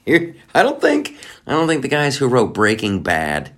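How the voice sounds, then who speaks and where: A man's voice: mid-range voice, wildly swooping pitch, moderate pace, a bit bright. A middle-aged man hosting a podcast, talking in a sarcastic, rambling way with many restarts. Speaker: podcast host. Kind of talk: casual monologue.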